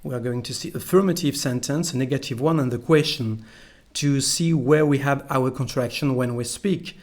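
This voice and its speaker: French-accented man teaching pronunciation. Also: medium pitch. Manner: slow, careful, repeats each phrase for the learner. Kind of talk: pronunciation lesson.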